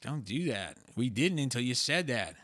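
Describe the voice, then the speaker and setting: Young male podcast host, bright tense voice, profane animated banter. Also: mid-range voice, moderate pace, dry recording. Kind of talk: casual banter.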